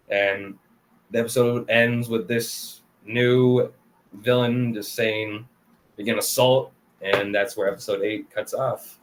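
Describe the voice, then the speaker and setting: A man casually recapping anime episodes for a review show, talking loosely with lots of fillers and quick laughs. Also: lowish voice. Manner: loose and chatty, full of "like" and "kinda", laughs often.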